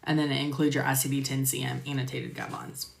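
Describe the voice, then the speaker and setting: Very deep, gravelly, and level, her voice moves fast as she teaches medical coding over a live stream. She chats loosely, leans on fillers, and addresses viewers by name, all captured on a phone or computer mic with noticeable room echo.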